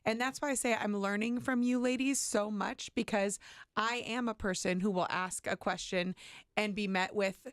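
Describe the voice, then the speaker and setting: A woman's voice: medium pitch, steady tone, moderate pace, clean tone, no echo, clean studio sound. A woman co-hosting a radio talk show, candid and self-reflective about her own habits. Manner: candid, self-reflective, warm-hearted admissions.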